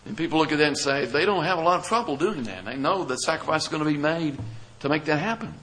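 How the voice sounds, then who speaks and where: A man's voice: fairly high pitch, lively intonation, quick pace, fairly bright tone, rough recording. A man, the pastor, preaching a sermon, reading scripture aloud and asking the congregation questions he then answers.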